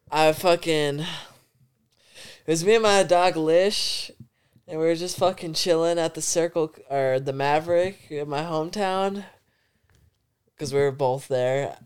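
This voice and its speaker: A man's voice: fairly high pitch, slow pace, long pauses, clean tone. A young man in his twenties, a podcast guest telling a rambling story full of swearing and laughter. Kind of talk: casual storytelling.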